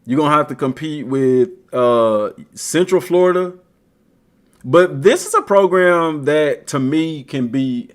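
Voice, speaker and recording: A man streaming a video game, giving casual, slangy commentary and talking straight to the team. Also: fairly high pitch. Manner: slangy, talks to the team directly, animated. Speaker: gaming streamer.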